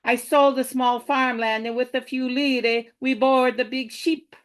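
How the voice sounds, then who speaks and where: A woman's voice: sits high, fairly even intonation, measured pace. A woman voicing an Italian immigrant mother from 1902, speaking broken English with an Italian accent and Italian words mixed in. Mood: earnest. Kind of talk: poetry reading in character.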